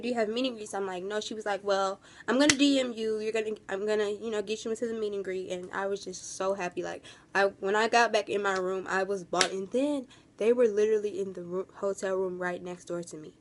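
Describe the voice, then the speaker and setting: A woman's voice: mid-range voice, a little hiss or hum. A young woman vlogging in a casual, rambling storytime, gushing and full of fillers.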